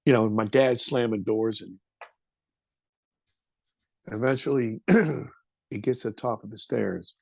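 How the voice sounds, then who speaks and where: A man's voice: lowish voice, slow pace, creaky, long pauses, a little mellow, no echo. A man in his fifties, a podcast guest, telling a personal story in a vivid, emotional, casual way with some swearing.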